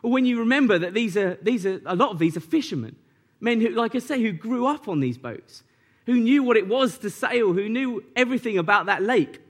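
A man with a notably high-pitched voice preaching a sermon. He talks in a relaxed, conversational way and builds into animated, lively retellings. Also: brisk. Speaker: pastor.

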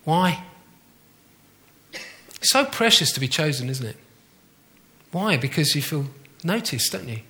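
A middle-aged man delivers a warm, conversational sermon with a bright, forceful tone. His voice sits slightly high for a man, and he slows down to repeat his key lines. He keeps turning questions back to the congregation. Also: sing-song. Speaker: pastor.

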